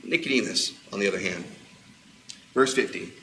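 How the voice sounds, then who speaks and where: A man's voice: lowish voice, moderate pace, creaky, sharp tone, a little hiss or hum. A man preaching a sermon, explaining scripture in a conversational way with casual asides. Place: church auditorium. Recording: echoey church room.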